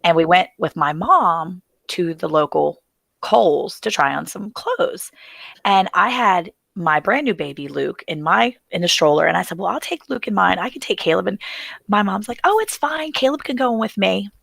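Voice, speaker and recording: A woman's voice: on the low side, normal speed, creaky, no echo. A woman co-hosting a casual livestream chat, telling funny family stories with lots of laughter. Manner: storytelling with lively laughter. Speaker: co-host.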